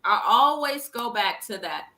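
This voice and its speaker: A middle-aged woman, a grieving mother, speaking earnestly and haltingly as an interview guest. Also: fairly high pitch, animated, bright, forceful tone, low-quality recording. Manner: earnest, halting, repeats words when upset. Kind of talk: emotional conversational interview.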